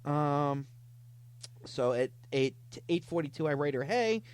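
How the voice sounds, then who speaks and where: This is a man hosting a comedy show who reads chat logs aloud with a playful, mock-dramatic flair. His voice sits fairly high and swoops up and down a lot. The sound is dry and close to the mic. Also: lively intonation, a little slow, clear, resonant tone, no echo. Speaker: podcast host reading scam chats. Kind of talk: comic storytelling, reading chat logs aloud.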